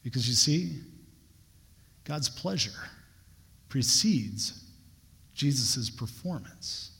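A man's voice: mid-range voice, animated, takes it slowly, creaky, a bit bright. Earnest preacher man in a reverberant hall. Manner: earnest storytelling with rising emphasis. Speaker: pastor. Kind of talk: sermon.

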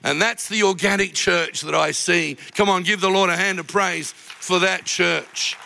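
High-voiced and creaky, this pastor speaks at normal speed with fairly even intonation and a bright, forceful tone. His sermon is emotional storytelling drawn from his own life, climbing into impassioned cries. He is in a large church auditorium, and the long reverb of the big hall is audible.

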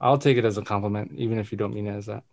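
A man's voice: lowish voice, fairly even intonation, rapid-fire, gravelly, a little mellow. A man with a South African accent, hosting a casual chat, laughing easily and joking at his own expense.

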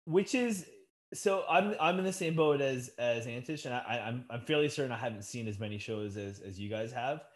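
A man's voice: medium pitch, lively intonation, fairly quick. A man co-hosting a podcast who asks the guests questions and laughs easily. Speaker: podcast co-host. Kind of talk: casual chat.

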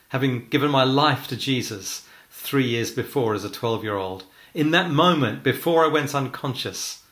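A middle-aged man preaches a personal testimony in an earnest, measured way. His voice sits at an ordinary pitch, and he slows down to press home key phrases. The recording has a roomy echo. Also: fairly bright tone. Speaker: church leader. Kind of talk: testimony sermon.

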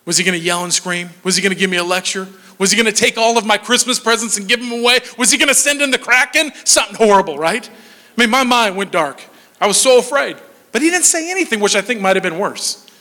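Man, 40s, storyteller, bright forceful voice, jokey, reverb of a big hall. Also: sits high, quick pace. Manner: animated, jokey storytelling with sudden drops to a hush. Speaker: speaker telling a personal story. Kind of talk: storytelling talk to an audience.

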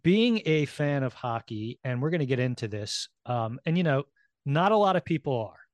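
A man's voice: medium pitch, very animated, moderate pace, dry recording. Easygoing male podcast host, dry sound. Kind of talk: casual podcast chat.

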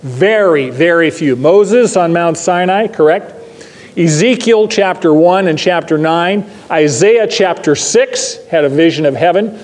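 A man's voice: high-pitched, unhurried, darkish tone, long reverb tail. An older man preaching to a Bible class, emphatic, repeating key phrases and putting questions to his listeners. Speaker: pastor teaching a Bible class. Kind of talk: sermon.

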